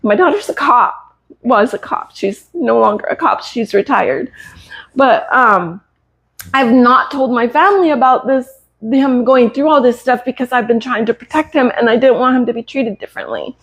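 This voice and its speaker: American woman in her fifties, fairly high voice, halting and earnest, emotional, live stream story. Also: fairly bright tone, husky. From United States. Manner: halting and earnest, with many hesitations. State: emotional, close to tears. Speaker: cat breeder and influencer.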